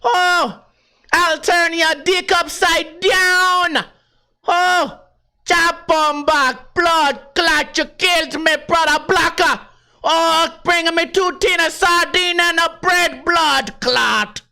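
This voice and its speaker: A man putting on a mock Jamaican accent, shouting drawn-out lines in a high, bright voice. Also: fairly even intonation, exaggerated voice. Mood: mock rowdy.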